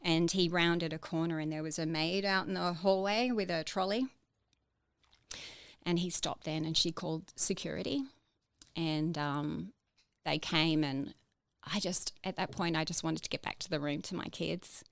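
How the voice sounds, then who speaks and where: Gravelly low-voiced woman with halting speech. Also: dry recording, studio quality. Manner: halting, many fillers and restarts. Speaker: interview guest. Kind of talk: personal story in a podcast interview.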